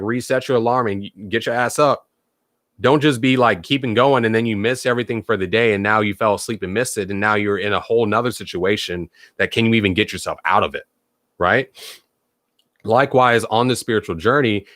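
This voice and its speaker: A man talking casually to viewers as a spiritual teacher, loose and animated, swearing freely and repeating words for emphasis. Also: medium pitch, dry recording, studio quality.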